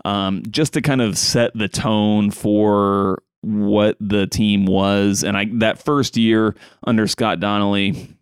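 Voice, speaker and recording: A man's voice: lowish voice, steady tone, slow pace, smooth, no echo, studio quality. A male podcast host talking casually about a soccer match, with frequent fillers and restarts, and reading quotes from a sheet.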